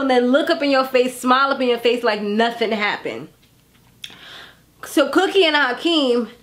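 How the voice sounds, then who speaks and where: Woman, 30s, casual TV recap, animated, a bit high-pitched. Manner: chatty and animated, acting out characters' lines. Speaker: TV recap vlogger. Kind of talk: casual chat.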